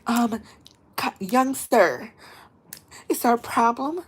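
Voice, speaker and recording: A woman's voice: a little high, expressive, takes it slowly, slightly rough, voice pushed up, full character voice. A streamer mimicking a stern adult woman who announces the rules of a haunted hayride in a formal manner. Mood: announcing.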